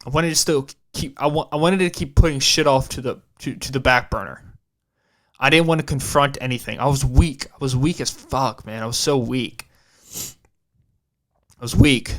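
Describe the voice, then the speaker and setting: A young man hosting a podcast, telling a personal story in a halting way, repeating and restarting his phrases and swearing casually. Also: medium pitch, a bit bright. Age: young adult. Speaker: podcast host.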